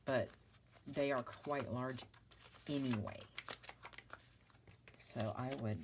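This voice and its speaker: With an extremely low pitch and fairly even intonation, a middle-aged papercraft vlogger chats slowly and pauses often. She rambles, apologizes and pokes fun at herself in this casual crafting talk, with background noise present.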